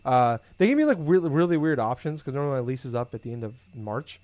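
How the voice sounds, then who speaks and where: A man's voice: mid-range voice, fast talker, no room sound. A man in casual conversation, telling rambling everyday stories with lots of swearing and filler words. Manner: rambling, profane, animated storytelling. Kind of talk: casual chat.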